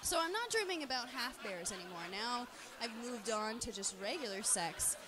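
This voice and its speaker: A woman with a somewhat high voice rambles through a casual monologue on a live stream. She swears freely and fills her sentences with fillers as she talks. There is a faint hiss behind her. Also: animated, moderate pace, crowd noise. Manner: crude, profane, rambling with many fillers.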